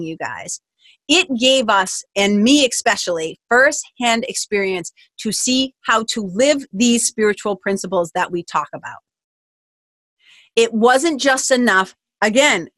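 A woman podcast host telling a personal story in a casual, animated way, full of "like" and the odd swear word. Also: medium pitch, dry recording.

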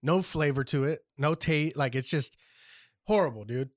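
A man's voice: fairly high pitch, moderate pace, dry recording, clean studio sound. A man co-hosting a casual podcast, ranting with lots of profanity. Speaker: podcast co-host.

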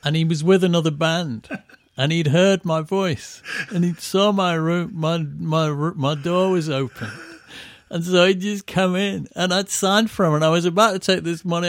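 Middle-aged English musician, gravelly, dry close sound, rambling raconteur. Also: male voice, a little high, moderate pace, dry recording. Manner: rambling storyteller with restarts, laughing at his own stories. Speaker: band musician guest. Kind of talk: casual anecdotal chat.

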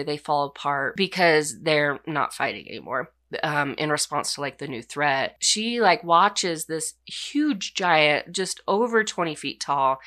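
A woman's voice: deep voice, bright, forceful tone. A woman casually recapping a story's plot in a chatty way, with lots of "like" fillers. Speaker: book recapper.

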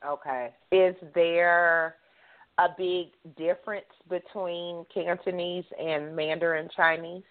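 Woman, radio host, chatty, curious, lowish voice, phone-line audio. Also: fairly even intonation, slow pace. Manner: chatty, curious, self-correcting. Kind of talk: casual interview chat.

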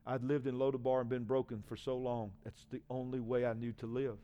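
A man in his forties, a pastor, giving an emotional personal testimony in a sermon, swinging from hushed to loud. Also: medium pitch, level tone, fairly quick, dull audio. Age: 40s.

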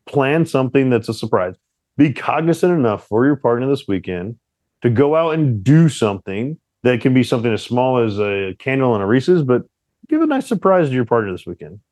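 A young man co-hosting a casual relationship chat with his partner, teasing and animated as he tells stories. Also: medium pitch, a little fast, dry recording. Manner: playful, teasing, animated storyteller. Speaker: podcast co-host.

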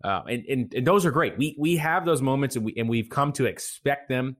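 A man's voice: medium pitch, a little fast, a bit bright. A man co-hosting a casual sports podcast, chatty and joking. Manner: chatty, joking, laughs often. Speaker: podcast co-host.

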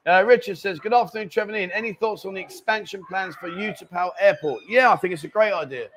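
A man's voice: high voice, fast, fairly bright tone, slight background noise. A man hosting a casual live stream from a bar, bantering and reading out viewer comments. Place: bar lounge.

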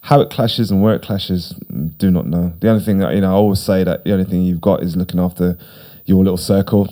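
A man's voice: low voice, steady tone, fast talker, warm tone. A middle-aged man, a podcast guest talking casually, rambling and repeating himself with emphasis. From United Kingdom. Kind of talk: casual conversation.

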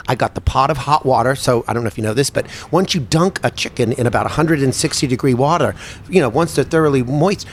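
A man telling a comic personal story in an animated way, acting out the scenes with exasperated asides. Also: medium pitch, a little hiss or hum.

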